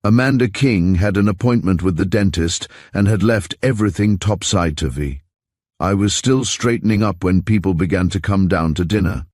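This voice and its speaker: A man narrating a classic mystery story in the first person in an even, steady way. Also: low voice, moderate pace, dry recording, clean studio sound. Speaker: audiobook narrator.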